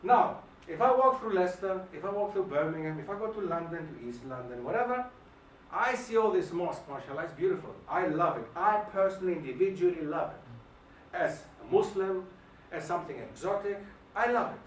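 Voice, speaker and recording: A man giving an emphatic, animated lecture and firing questions at the audience, recorded in a hall. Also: sits high, brisk, a little hiss or hum. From Germany. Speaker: guest lecturer. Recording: echoey hall, mic at a distance.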